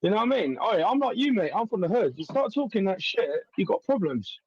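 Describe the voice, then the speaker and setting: Brash high-voiced London man. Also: sing-song, brisk, highs cut off, background noise. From North London. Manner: swaggering, sweary, laughs a lot. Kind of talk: brash live-stream chat.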